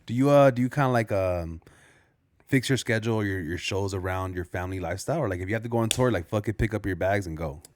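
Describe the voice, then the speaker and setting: Low-voiced host asking loose questions. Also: male voice, fast talker. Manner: relaxed, hesitant questions with many fillers. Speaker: podcast host. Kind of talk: casual interview.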